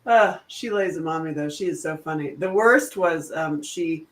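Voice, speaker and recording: A middle-aged woman chatting casually, telling animated stories and laughing often. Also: deep voice, normal speed. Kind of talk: casual chat.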